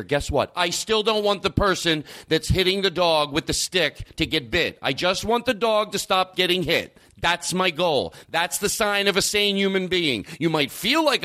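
A man hosting a podcast, ranting, swearing and jumping his pitch for emphasis. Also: expressive, normal speed, few pauses, sharp tone. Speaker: podcast host. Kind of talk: heated podcast rant.

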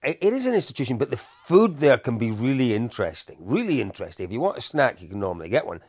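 A middle-aged man, a podcast co-host, telling animated anecdotes in casual chat with frequent laughs. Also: medium pitch, quick pace, no room sound.

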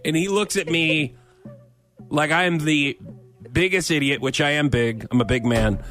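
A man's voice: a little high, normal speed, faint music behind. A man co-hosting a radio show, chatting casually with jokes and self-mockery. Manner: jokey, self-mocking, animated.

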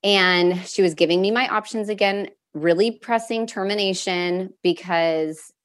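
A woman as a podcast guest, telling a personal story candidly in a halting way, openly emotional and near tears at times. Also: medium pitch. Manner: halting, with fillers and restarts.

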